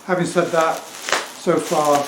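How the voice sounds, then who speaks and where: A man's voice: on the high side, level tone, slow. Chatty middle-aged Englishman in an echoey room. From England. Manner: chatty, rambling, self-assured. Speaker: record seller and vlogger. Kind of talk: casual talk to camera. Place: home room with turntable. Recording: echoey room with faint ambient noise.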